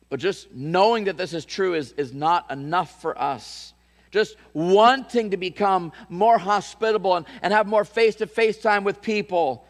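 Preacher man with a long hall echo. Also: high-pitched. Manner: storytelling, repeats words and restarts, rises to emphatic calls. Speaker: pastor. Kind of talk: sermon. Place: church.

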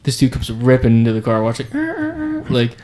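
A man's voice: mid-range voice, moderate pace, slight background noise. A young man, a podcast co-host, telling a story in casual chat and saying "dude" a lot. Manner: animated storyteller, slangy, says "dude" a lot.

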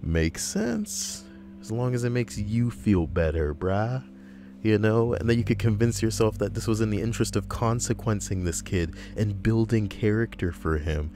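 Deep-voiced young man ranting animatedly. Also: moderate pace, slight background noise. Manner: animated, profane, jumps high in pitch for emphasis. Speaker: commentator reading and reacting to posts. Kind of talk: casual reaction commentary.

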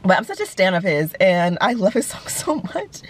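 A woman's voice: mid-range voice, very animated, normal speed. A young woman chatting casually as a music vlogger, gushing and giggly, with lots of fillers. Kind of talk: casual chat.

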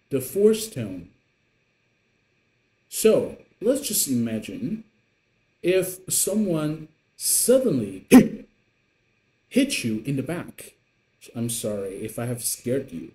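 Guy teaching mandarin tones, slow and patient, mellow voice, bit of room echo. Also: wildly swooping pitch. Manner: slow, patient, pitch swinging up and down to show tones. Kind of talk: online language lesson. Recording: echoey room.

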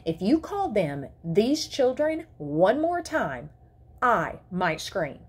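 A woman voicing a protective mother who speaks in a firm, controlled, sharp way while reading a story aloud. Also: medium pitch, sing-song, normal speed, husky. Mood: tense. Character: fierce protective mother of a disabled girl.

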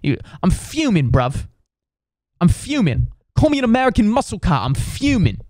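A man's voice: sits high, big pitch swings, normal speed, darkish tone, dry recording, clean studio sound, pitched above the performer's own voice. A man voicing a furious young British man with a British accent who rants profanely and keeps repeating himself. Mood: fuming rant.

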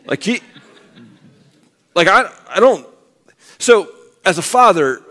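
A middle-aged man preaching a sermon as pastor, conversational and animated, acting out quoted voices. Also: sits high, slow pace.

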